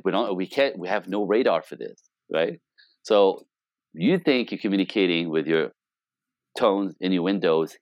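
A middle-aged man talks relationships as a coach, his low voice swinging widely in pitch as he acts out little scenes. He swears freely and plays up the quotes with playful exaggeration. The sound is dry and close, with no room around it. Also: no echo. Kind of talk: animated casual talk.

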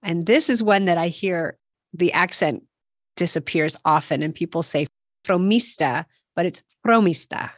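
Woman hosting a lesson, native English speaker, low voice, upbeat, self-deprecating, dry sound. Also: normal speed, no room sound. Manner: upbeat, self-deprecating, prompts each word. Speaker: podcast host. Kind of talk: language lesson drill.

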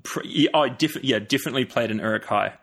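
A podcast guest with a New Zealand accent chats casually, laughing easily and filling his speech with fillers and restarts. His medium-pitched voice is fast and a bit bright.

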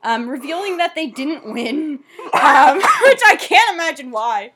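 A woman's voice: sits high, very animated, measured pace, a bit bright. A young woman casually chatting as a podcast co-host, reflective and talkative, filling her sentences with "like". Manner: chatty and reflective, heavy use of "like". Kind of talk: casual chat.

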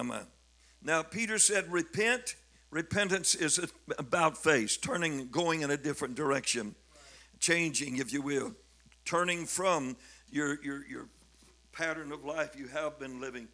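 Older male bishop, bright forceful voice, pitched a little high, preaching with fervent, repeated emphasis. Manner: fervent, rising to emphatic declamation, with frequent repetitions. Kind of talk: sermon.

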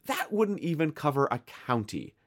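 An American man co-hosting a podcast, chatting casually and retelling an episode with quick asides. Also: a little high, huge pitch swings. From United States. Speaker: podcast co-host. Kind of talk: casual chat reviewing a TV episode.

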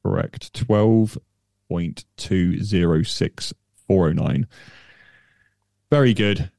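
A man co-hosting a podcast runs a quiz in casual chat, with dry humour and hesitant restarts. His low voice is gravelly and warm, he takes his time, and the recording is dry.

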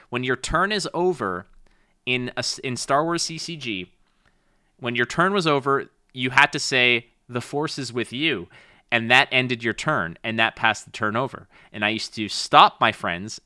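A man co-hosting a podcast, chatting casually and acting out quotes in animated stories. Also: medium pitch, normal speed, clean tone, dry recording, studio quality. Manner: animated storytelling, acts out quotes. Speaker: podcast co-host. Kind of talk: casual chat.

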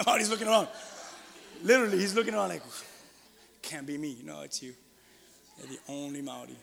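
A middle-aged man preaches a sermon in a church. His voice is high and bright. He shifts between loud exclaiming and hushed asides, and a long reverb from the hall hangs behind him. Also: expressive, a little fast, vocal fry. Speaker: pastor. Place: church sanctuary.

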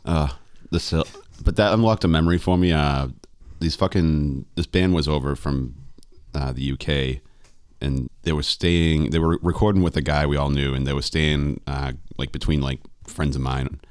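A man's voice: extremely low pitch, steady tone, normal speed, smooth, dry recording, clean studio sound. A man with a Boston accent hosting a podcast, telling rambling, profane anecdotes. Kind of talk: casual chat.

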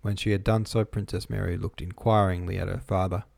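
A man narrating an audiobook in a measured, even reading voice, recorded close to the microphone. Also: low-pitched, gravelly, dry recording.

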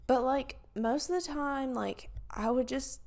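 Raspy, nasal woman with a country accent. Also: high-pitched, unhurried, darkish tone. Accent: US Southern. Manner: rambling, filler-heavy with frequent "like". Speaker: podcast host. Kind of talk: casual solo podcast chat.

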